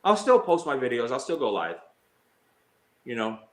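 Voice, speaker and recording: A man's voice: big pitch swings, moderate pace. A man on a live stream, talking in a hurt and heated way, stumbling over fillers and restarts. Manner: mocks others in a shrill high voice when quoting. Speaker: slots streamer. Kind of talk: emotional live stream talk.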